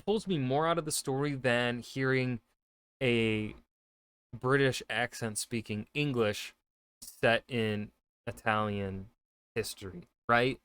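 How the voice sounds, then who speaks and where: A man's voice: mid-range voice, slow, a bit bright, clean tone. A man, an author, giving casual reaction commentary, rambling with many fillers and restarts. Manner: rambling, lots of fillers and self-corrections.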